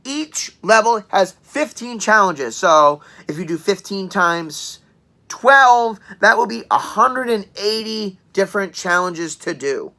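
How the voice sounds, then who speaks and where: A young woman in her twenties reviews a game in a loose, chatty way, full of joking asides and quick throat-clears. Her tone is bright and forceful at a middling pitch. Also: animated. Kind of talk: casual spoken review.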